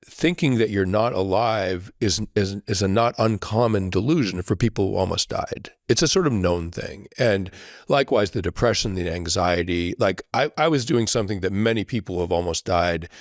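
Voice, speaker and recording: A man as a podcast guest, telling a reflective story in an earnest way, often checking in with a quick "right?". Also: low voice, no room sound, studio quality.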